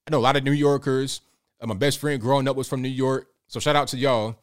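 Man, stream host, casual political commentary, rambling, digressive, talks to viewers, mid pitch. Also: steady tone, fast talker. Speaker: livestream host.

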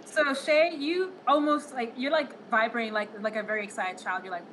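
A woman's voice: fairly high pitch, fairly even intonation, normal speed, fairly bright tone, poor audio. A woman running a tabletop game as game master, narrating playfully. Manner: playful, laughs between lines. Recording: background noise.

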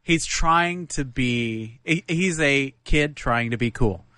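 Man, podcast co-host, brief agreeing replies, bright voice, dry close mic. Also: medium pitch, takes it slowly, no room sound. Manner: short agreeing interjections, laughs along. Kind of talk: casual movie review chat.

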